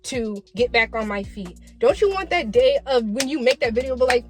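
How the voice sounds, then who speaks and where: Blunt woman vlogger, high voice. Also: lively intonation, fairly quick, few pauses, darkish tone, soft background music. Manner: blunt, exasperated tough-love lecturing; swears freely. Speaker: commentary vlogger. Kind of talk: casual commentary to camera.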